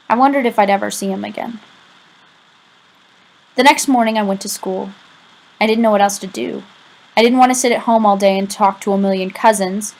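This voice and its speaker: A female audiobook reader with a medium pitch delivers a first-person novel in a chatty, confiding way, adding casual asides for the listener. The recording is low quality.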